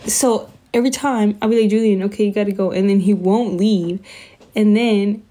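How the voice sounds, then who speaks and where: A woman's voice: mid-range voice, fairly even intonation, normal speed, mellow. A young woman, chatting on a phone live stream from her bedroom, with lots of fillers and laughter. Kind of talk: casual live-stream chat.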